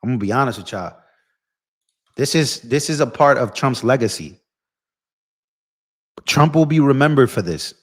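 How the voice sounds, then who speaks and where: A man's voice: medium pitch, animated, normal speed, long pauses, slightly rough. A young man hosting a political live stream, ranting in a heated, impassioned way and talking straight to his viewers. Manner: impassioned, ranting, addresses viewers as bro and y'all.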